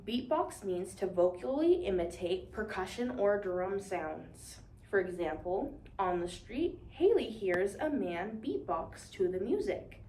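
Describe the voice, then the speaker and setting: A woman's voice: mid-range voice, very animated, a little slow, few pauses, dark tone, slight background noise. A young woman teaching a vocabulary lesson to young pupils, upbeat and encouraging, with call-and-response prompts. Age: young adult. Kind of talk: demonstration lesson to imagined class. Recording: echoey room, mic at a distance.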